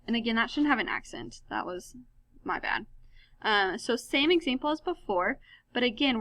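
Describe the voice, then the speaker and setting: Bright-voiced woman teaching a Spanish lesson. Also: medium pitch, no room sound. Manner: explains step by step, self-correcting with fillers. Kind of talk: recorded classroom lesson.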